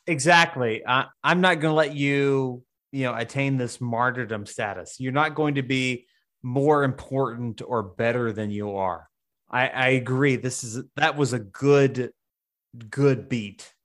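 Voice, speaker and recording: A man co-hosting a comics podcast, voicing opinions and complaints in a lively, casual way. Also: medium pitch, measured pace. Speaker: podcast co-host discussing comics. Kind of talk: casual chat.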